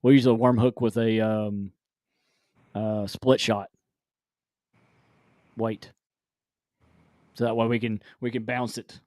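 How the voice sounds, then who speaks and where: A man's voice: lowish voice, little pitch movement, takes it slowly, long pauses, mellow, no echo, studio quality. A man hosting a casual live-stream chat, rambling with restarts and frequent laughs. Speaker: podcast host.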